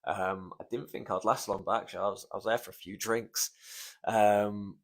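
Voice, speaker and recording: A young man hosting a casual solo podcast, choked up and close to tears as he rambles, swearing often and filling pauses with ums. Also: on the low side, steady tone. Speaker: podcast host.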